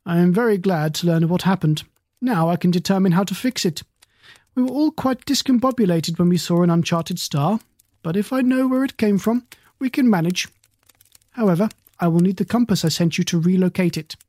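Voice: medium pitch, a little fast, darkish tone, no room sound, natural voice. A fussy, courteous old star-keeper, voiced by a storyteller, portly and easily flustered. He talks politely and reaches for fancy words. The sound is close and dry.

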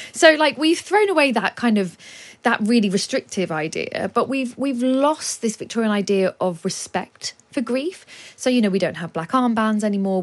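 A woman, a guest author, talking at length in a radio studio with lively explanations and laughs. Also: mid-range voice.

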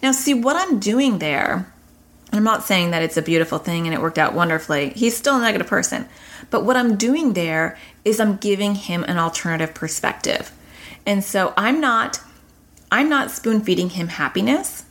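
Speaking at a normal speed, a middle-aged parenting and anxiety educator delivers a casual advice monologue to camera on her channel. She narrates animatedly, and each time she quotes her son, herself, or anyone else, her voice leaps up in pitch.

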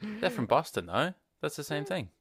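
A man co-hosting a casual chat, breaking in with quick joking remarks. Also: a little high, very animated, fairly bright tone, husky, no room sound. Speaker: podcast co-host.

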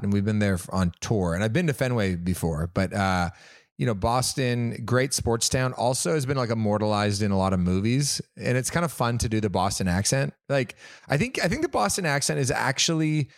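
A man's voice: mid-range voice, brisk, no echo, studio quality. Rambling man telling stories. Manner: rambling storyteller, animated. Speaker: podcast host. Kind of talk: casual chat.

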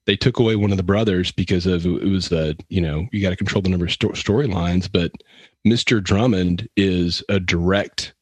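A man co-hosting a comedy podcast, teasing his co-hosts with deadpan jabs. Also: low voice, brisk, no room sound. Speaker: podcast co-host.

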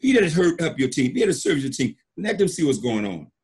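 A man's voice: a little high, big pitch swings, fast talker, darkish tone, slightly rough. A middle-aged man, a network marketing leader, giving an emphatic motivational talk and acting out stories with repeated phrases. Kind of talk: motivational storytelling.

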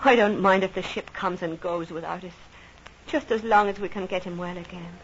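A woman's voice: on the low side, fairly even intonation, normal speed, slight background noise, lightly acted. Actress as a jealous, devoted tavern girl; old radio play, muffled recording. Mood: tender. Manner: fierce, jealous, emotional. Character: devoted young woman Kitty, tavern girl. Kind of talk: old radio drama acting.

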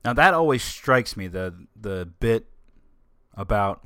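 Brief: American man, podcast host, fairly low voice, loose rambling delivery with restarts, dry close sound. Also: lively intonation, a little slow, pushed and bright, dry recording. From United States. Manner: rambling, stumbles and restarts often. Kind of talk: casual solo podcast chat.

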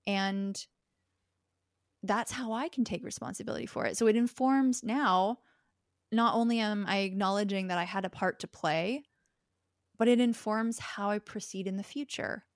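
A woman's voice: medium pitch, steady tone, normal speed, no echo, clean studio sound. A young woman speaking as a guest in a podcast conversation. She talks thoughtfully and explains her ideas through examples. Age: young adult.

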